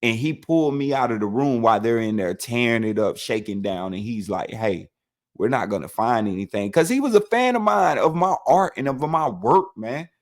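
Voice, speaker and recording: A man's voice: medium pitch, moderate pace, hardly any pauses. Slangy man telling a prison story. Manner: animated, slangy, says "man" after nearly every phrase. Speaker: former inmate telling his story. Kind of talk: casual storytelling.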